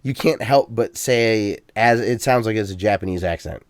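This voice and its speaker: A man hosting a casual gaming podcast, talking in an easygoing, halting way with frequent restarts. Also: on the low side, dry recording, clean studio sound. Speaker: podcast host.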